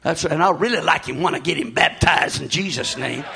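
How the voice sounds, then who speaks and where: A man, preaching a sermon as pastor in a folksy way, often shouting and repeating himself. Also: a little high, fairly quick, creaky, noisy background.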